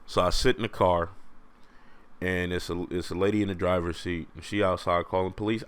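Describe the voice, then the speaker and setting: Low-voiced young man telling a story. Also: brisk, clean tone. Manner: animated, slangy, laughing, with acted quotes. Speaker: podcast host. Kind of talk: casual storytelling monologue.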